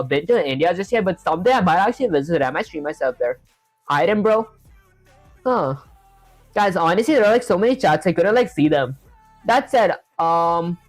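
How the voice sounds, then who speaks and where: Low-voiced young woman live-streaming code. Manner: chatty, thinks aloud, reads chat and answers it, lots of "guys" and "honestly". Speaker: coding livestreamer. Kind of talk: casual live-stream chat while coding.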